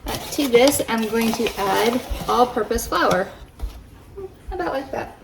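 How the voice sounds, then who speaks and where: A woman's voice: fairly high pitch, expressive, measured pace, creaky, slight background noise, low-quality recording. A middle-aged woman chatting through a cooking demonstration in her home kitchen, explaining each step as she goes. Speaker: home cook demonstrating a recipe. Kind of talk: casual cooking tutorial.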